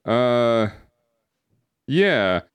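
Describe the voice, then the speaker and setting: A man's voice: mid-range voice, big pitch swings, drawn-out words, clear, resonant tone. A man co-hosting a casual podcast, rambling with lots of fillers and restarts. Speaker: podcast co-host. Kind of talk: casual chat. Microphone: streaming setup microphone.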